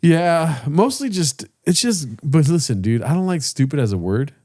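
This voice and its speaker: A man's voice: on the high side, very animated, normal speed, mellow. Casual man telling golf stories. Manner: loose, profane, acts out voices in his stories. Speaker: podcast co-host. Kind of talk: casual storytelling chat.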